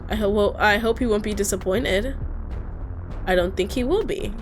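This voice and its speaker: Snarky woman host reading a dating sim aloud, mid pitch. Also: moderate pace, soft background music. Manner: snarky asides and laughs. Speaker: gaming video host.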